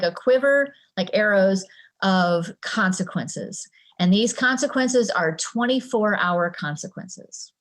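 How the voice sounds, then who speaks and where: A woman presenting a parenting talk in a conversational way, acting out exchanges between parent and child. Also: medium pitch.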